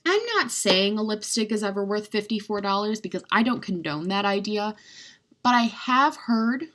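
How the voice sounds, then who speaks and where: A woman's voice: mid-range voice, normal speed, fairly bright tone. A young adult woman chatting casually as a beauty vlogger, rambling and gushing with lots of "like", poking fun at herself. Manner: rambling, chatty, heavy use of "like"; gushing, self-mocking. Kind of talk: casual chat.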